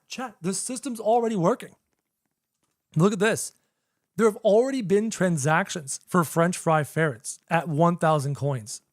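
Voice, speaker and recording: A young adult game streamer gives chatty live gameplay commentary, talking to chat and repeating phrases while figuring things out. The voice is medium-pitched, in a dry, studio-quality recording.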